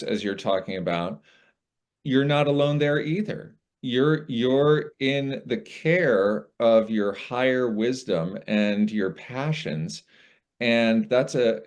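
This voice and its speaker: A man's voice: fairly low pitch, a little mellow. A man, a guest audiobook narrator in casual conversation, rambling and reflective, with frequent restarts.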